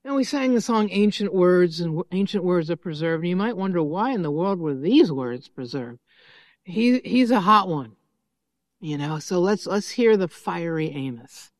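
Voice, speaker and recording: A pastor giving a sermon, talking casually with small asides and then reading scripture aloud in a measured way. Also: medium pitch, lively intonation. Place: church sanctuary. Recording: long hall reverb.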